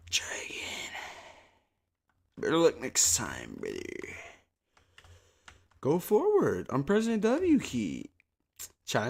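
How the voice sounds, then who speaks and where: A man streaming from a small home desk, chatting to viewers in a slangy, profane, rambling way into a desk mic, sometimes yelling at a friend. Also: lowish voice, creaky. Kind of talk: casual live-stream chat. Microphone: desk mic on a soundboard.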